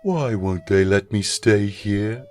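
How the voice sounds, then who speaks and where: A man voicing a sad, lonely young duckling boy in a storybook reading, close to his own low voice. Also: slow, faint music behind. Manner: downcast, quiet.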